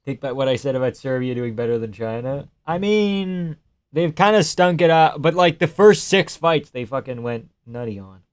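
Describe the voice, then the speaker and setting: Smooth-voiced man doing profane live fight reactions. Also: medium pitch, normal speed. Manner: profane and excitable, breaking into shouted groans. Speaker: live-stream fight commentator. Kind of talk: casual live reaction commentary.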